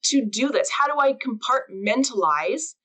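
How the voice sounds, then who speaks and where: A woman's voice: on the high side, expressive, a little slow, pushed and bright, low-quality recording. A woman hosting a podcast, talking casually in long, chatty run-on sentences. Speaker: podcast host.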